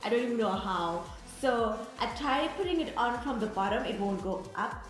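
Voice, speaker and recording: A woman's voice: a little high, expressive, normal speed. A woman, dramatically retelling a story in casual chat, with restarts and bursts of laughter. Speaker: co-host of a couple's channel. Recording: very echoey room with faint music.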